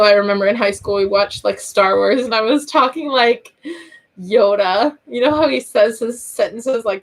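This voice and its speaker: A woman in her thirties with a sore throat, hosting a casual live-stream chat, rambling and laughing often. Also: mid-range voice. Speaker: online teacher and channel host.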